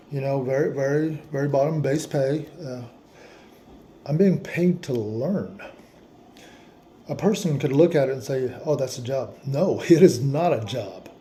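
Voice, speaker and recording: A man's voice: mid-range voice, mellow, a little hiss or hum. A man telling a long personal story in a casual, rambling way, often restarting his sentences. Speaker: vlogger.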